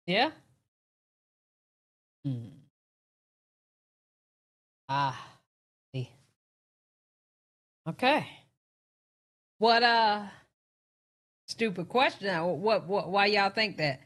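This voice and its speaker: A woman's voice: mid-range voice, animated, drawn-out words, pauses often, a bit bright. A woman hosting a reaction stream, giving blunt, profane, casual commentary to her viewers.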